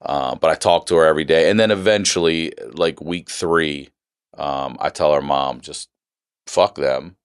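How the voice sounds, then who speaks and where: Very deep-voiced man telling a wild story. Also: moderate pace, clean tone, no room sound, clean studio sound. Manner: profane, animated storyteller acting out dialogue. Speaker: podcast guest. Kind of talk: casual storytelling chat.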